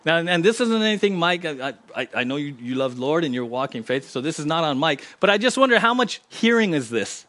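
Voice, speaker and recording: A man preaching a sermon in church, swinging from loud emphatic lines to quiet, low asides. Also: very animated, a little fast, hardly any pauses. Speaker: pastor. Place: church sanctuary.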